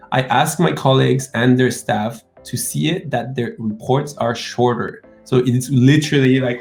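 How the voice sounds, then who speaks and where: Gravelly-voiced man presenting in an echoey room. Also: medium pitch, a little mellow. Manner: hesitant, with fillers and self-corrections. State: unwell, needs cough medicine. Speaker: webinar presenter. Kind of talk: presentation wrap-up.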